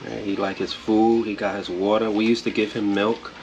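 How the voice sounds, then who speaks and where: A man hosting a casual home vlog, talking in a relaxed, rambling way with laid-back slang. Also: fairly low pitch, normal speed, lo-fi sound, slight background noise. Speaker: vlog host. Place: home indoors.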